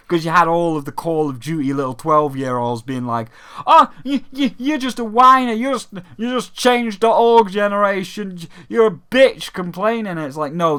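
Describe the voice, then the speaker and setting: British young guy ranting on games, bright tense delivery, crisp clean tone, swears often and mocks others. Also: mid-range voice. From Britain. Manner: sweary, animated, mocking voices. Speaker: gaming channel host. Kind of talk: casual ranting commentary.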